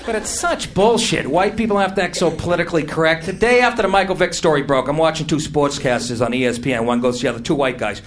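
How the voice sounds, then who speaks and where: A man's voice: on the high side, fast, few pauses, some chatter behind. A man performing a stand-up routine on a comedy club stage, brash, profane and mocking. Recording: live club recording with noise. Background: audience laughter.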